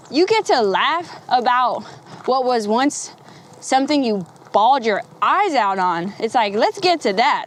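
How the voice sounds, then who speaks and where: Woman vlogger, kinda high voice, rambly, laughs a lot, curses freely. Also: sing-song, moderate pace, a little hiss or hum. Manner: rambling, candid, swears freely, laughs often. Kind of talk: candid casual talk to camera.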